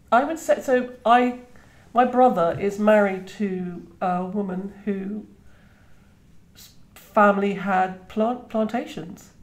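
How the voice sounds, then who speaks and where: A woman in her fifties from Trinidad who speaks British English, talking reflectively as a guest author in an interview, with many restarts. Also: medium pitch. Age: 50s. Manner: reflective, frequent "you know" and restarts. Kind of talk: conversational interview. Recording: roomy echo.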